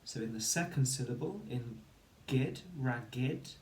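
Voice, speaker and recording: A man's voice: medium pitch, a little slow, darkish tone, echoey room, slight background noise. A man teaching a phonics lesson to children, counting to three and sounding out letters one by one. He mentions having hay fever. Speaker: primary school teacher.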